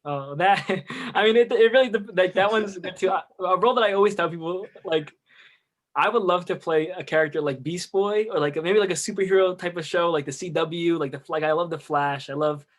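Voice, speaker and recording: A man's voice: sits high, fairly quick. A young adult man, an actor guest on a podcast, talking hesitantly with many fillers. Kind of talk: casual interview.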